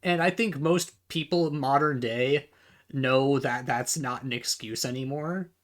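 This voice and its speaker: In an unhurried mid-range voice, a man reads posts aloud to himself for a reaction video, tripping over repeated words. His casual commentary turns into an exasperated rant laced with frequent swearing.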